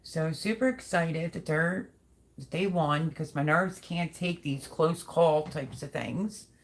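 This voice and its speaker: Chatty woman with a gravelly voice. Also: deep voice, a little slow. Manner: chatty, rambling, thinks aloud. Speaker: livestream host reading viewer chat. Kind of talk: casual livestream chat.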